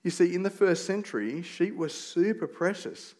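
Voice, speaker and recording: A man's voice: high-pitched, lively intonation, normal speed, a little mellow. A middle-aged man preaching a sermon as a pastor, in a conversational, storytelling way with rhetorical questions and casual asides.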